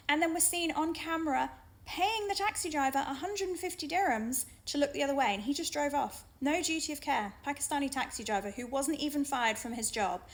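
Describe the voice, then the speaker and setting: British woman with a fairly high voice. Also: fairly bright tone. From Britain. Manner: earnest, frank, with pauses and restarts. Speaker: vlogger. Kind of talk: personal storytime monologue.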